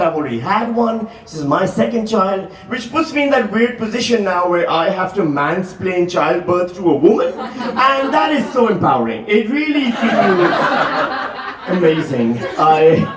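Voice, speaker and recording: A man, performing a stand-up comedy set with quick shifts into acted-out quotes. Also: high voice, slight background noise. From Pakistan. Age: 40s. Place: museum hall, live audience. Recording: roomy live hall, mic heard from a distance, loud crowd laughter.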